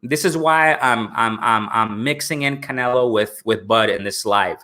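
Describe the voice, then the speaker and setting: A man talks with a bright, forceful voice at a middle pitch. He hosts a casual live stream and answers chat as it comes in. He keeps checking in with his listeners as he talks. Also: moderate pace. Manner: talkative, repeats "you know what I'm saying". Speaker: host of a live boxing stream.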